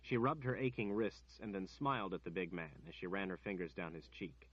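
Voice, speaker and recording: A man narrating an audiobook in a steady, measured storytelling manner. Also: low voice, husky, lo-fi sound.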